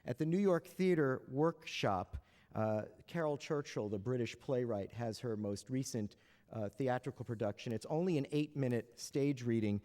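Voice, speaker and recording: A man's voice: medium pitch, moderate pace, dark tone. A man moderating a panel in front of an audience, opening with dry jokes and many hesitant "uh"s. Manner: wry, joking asides between hesitant filler-heavy lines. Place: large lecture hall. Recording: reverberant hall.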